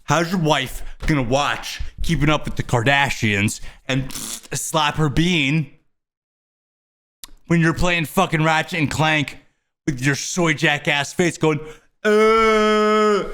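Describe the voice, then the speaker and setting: Man, young adult, host, profane rant, exasperated, crude, slightly high voice. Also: sharp tone. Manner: crude, fast, exasperated swearing. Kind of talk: profane ranting commentary.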